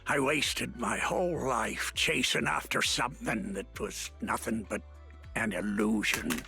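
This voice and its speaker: An actor playing a weary, regretful old sea captain in a game, with a gravelly voice and a slow, fatherly way of talking. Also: mid-range voice, pushed and bright, full character voice. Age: older. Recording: game audio with music behind.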